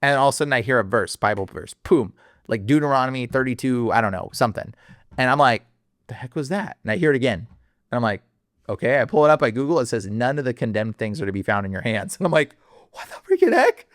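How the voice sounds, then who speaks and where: A man telling a personal story as a podcast guest, excitable and slangy, laughing often and jumping high in his voice when worked up. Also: quick pace, no echo, studio quality.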